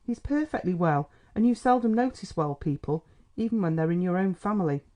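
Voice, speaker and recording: A man's voice: high-pitched, lively intonation, fairly quick, dark tone, voice pushed up. A man reading an audiobook, voicing a cheerful young woman who sweetly teases and coaxes her father. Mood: coaxing. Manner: sweet, teasing and coaxing. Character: cheerful coaxing young woman, a doctor's daughter.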